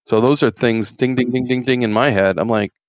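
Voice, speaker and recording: A man's voice: mid-range voice, steady tone, brisk. A middle-aged man, a retired game warden, telling folksy, rambling stories in an interview and acting out quotes in raised voices. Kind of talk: casual storytelling interview.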